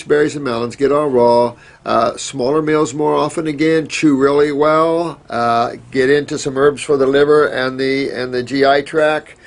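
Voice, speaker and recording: A man with a gravelly, slightly rough voice at an ordinary pitch, hosting a casual question-and-answer show. He talks in a folksy, rambling way, stopping on fillers and restarting his sentences. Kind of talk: casual advice talk.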